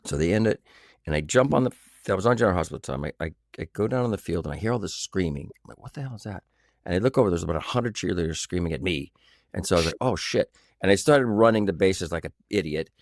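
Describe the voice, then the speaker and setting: A man in his sixties, an actor, telling animated stories in an interview, acting out quoted voices and humming tunes. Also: deep voice, fast, no echo, studio quality. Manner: animated anecdotes with sung sounds and quoted voices. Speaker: actor guest. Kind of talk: storytelling interview.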